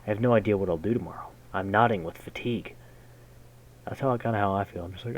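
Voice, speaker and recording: Man, very low voice, gaming host, reads game narration aloud, measured, drops in jokey slang remarks, faint background noise. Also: fairly even intonation, muffled recording. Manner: measured narration broken by casual slangy comments. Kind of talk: reading game text aloud with jokey asides.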